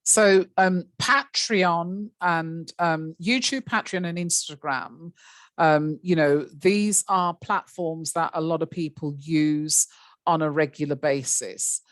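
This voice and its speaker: A woman with a fairly low voice teaching a live webinar over a computer mic. She talks in a loose, chatty way, full of fillers, and turns to attendees by name as she explains. The sound is dry and close, with no room around it. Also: slow pace, no echo. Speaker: webinar trainer.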